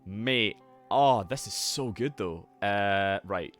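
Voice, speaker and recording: A young man hosting a casual live stream, excitable, swearing freely and greeting his chat. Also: lowish voice, slow. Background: faint lo-fi music.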